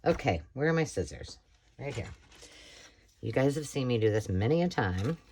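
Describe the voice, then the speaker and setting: A middle-aged American woman with a slightly hoarse voice, chatting casually while making a craft project. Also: a bass voice, expressive, normal speed, warm tone, a little hiss or hum. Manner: chatty, rambling, self-talk while working. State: slightly hoarse, frog in throat. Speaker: crafting tutorial host. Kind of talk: casual craft tutorial chat.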